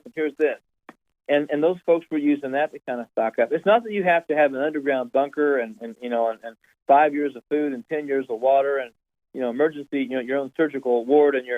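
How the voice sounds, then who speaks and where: A man, a pastor, telling an animated story in casual conversation, often repeating his words. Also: mid-range voice, no echo. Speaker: pastor, guest. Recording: tinny phone-like line, dry.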